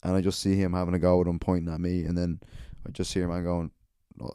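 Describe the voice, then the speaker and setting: Low-voiced sweary Irish man. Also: little pitch movement, fast, mellow, smooth, dry recording, clean studio sound. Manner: sweary, rambling, sardonic. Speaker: podcast host. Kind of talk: solo podcast storytelling.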